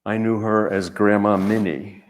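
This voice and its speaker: A man, an author, speaking gently and reflectively in short measured phrases, then reading his own writing aloud. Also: lowish voice, steady tone.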